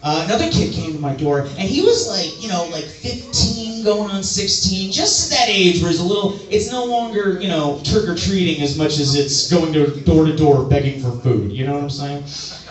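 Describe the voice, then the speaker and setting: A man from the suburbs doing a stand-up comedy set, rambling and self-mocking, now and then breaking into loud outbursts. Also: on the high side, normal speed, faint music behind. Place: comedy club stage. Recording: echoey room, mic from a distance.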